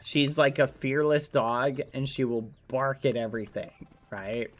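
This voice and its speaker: A male streamer chatting loosely over his gameplay, with a voice of middling pitch. He tells a story in a rambling way, full of fillers. Soft music plays faintly underneath. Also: measured pace. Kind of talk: casual gameplay stream chat. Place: home room.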